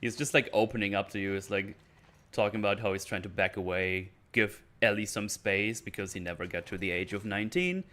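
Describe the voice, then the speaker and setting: A low-voiced man rambling through a recap. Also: fairly quick, sharp tone. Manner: rambling, loose recap that slips into voicing the characters' lines. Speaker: streamer recapping a TV episode. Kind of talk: casual commentary rant.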